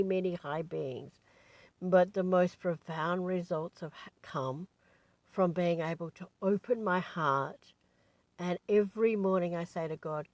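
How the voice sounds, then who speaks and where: Woman, low voice, dry close sound, casual rambling storytelling. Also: a little mellow, no room sound. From Australia. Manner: chatty, digressive storytelling with many asides. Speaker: spiritual teacher.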